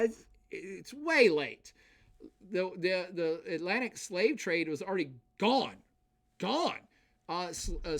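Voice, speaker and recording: Animated man lecturing on stream. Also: on the high side. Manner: conversational, animated, frequent restarts and asides. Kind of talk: livestreamed lecture with chat replies.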